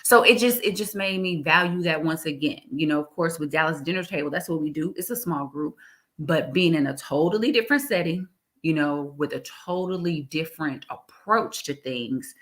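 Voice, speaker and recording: A woman talking in a casual interview, animated, laughing often and repeating her phrases. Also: sits low, normal speed. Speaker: guest, executive director.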